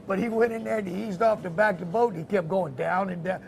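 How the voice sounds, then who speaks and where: A man's voice: high-pitched, steady tone, fast talker, creaky, darkish tone. A man, telling a fishing trip story in a folksy, chatty way on a local fishing show. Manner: folksy, storytelling, laughs easily. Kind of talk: casual chat about a fishing trip.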